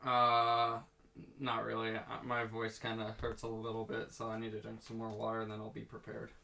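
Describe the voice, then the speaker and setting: A young man co-hosting a casual podcast with his father, chatty and quick to interrupt and laugh. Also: fairly low pitch, completely flat delivery, gravelly, sharp tone. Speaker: podcast co-host, son. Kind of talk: casual chat.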